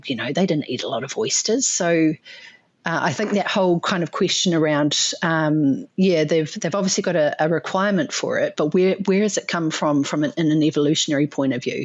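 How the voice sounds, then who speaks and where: A woman's voice: low voice, husky, dry recording. New Zealand woman, dry muffled call audio. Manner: thoughtful, hesitant, many fillers and restarts. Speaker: guest expert. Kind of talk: casual interview answers.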